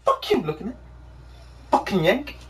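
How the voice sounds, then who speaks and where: A woman's voice: mid-range voice, big pitch swings, moderate pace, fairly bright tone. A drunk woman bantering crudely with friends, swearing and putting on British slang. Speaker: friend joking at a party. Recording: distant home-camera audio with faint hiss.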